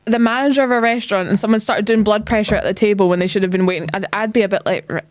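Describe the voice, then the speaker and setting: A woman's voice: medium pitch, steady tone, very fast, darkish tone, no room sound. A woman co-hosting a casual film podcast, explaining her points expressively with laughs. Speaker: podcast co-host. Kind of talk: casual film review chat.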